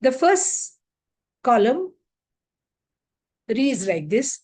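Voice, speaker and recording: A woman teaching English word stress in an online lecture, reading word lists aloud slowly and deliberately. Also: a little high, lively intonation, darkish tone. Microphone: video call.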